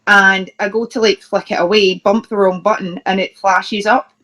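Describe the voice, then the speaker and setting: A Scottish woman in the middle of an interview, telling funny road stories in a loose, chatty way. She laughs as she goes, trips over her words and restarts her sentences. Her voice sits at a medium pitch. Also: steady tone, normal speed, fairly bright tone. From Scotland. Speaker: professional wrestler, interview guest. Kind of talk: casual anecdote telling.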